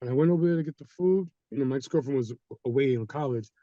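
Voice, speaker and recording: A guest storyteller from the Haitian community, a man with a mid-range voice, races through a personal story in casual talk, animatedly acting out the people he quotes. He's recorded in a studio with no echo, though the sound is muffled.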